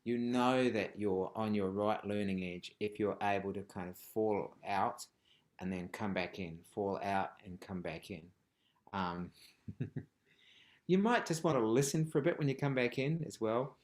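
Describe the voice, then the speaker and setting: A man's voice: fairly low pitch, unhurried. A man teaching a live online rhythm class over a video call, playful and jokey, with frequent ums and laughs. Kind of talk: live online group lesson.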